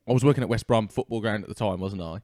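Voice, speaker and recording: A man's voice: fairly low pitch, racing, a little mellow, no echo, studio quality. A man co-hosting a podcast, telling stories in casual, sweary chat. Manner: chatty storyteller, sweary. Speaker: podcast co-host.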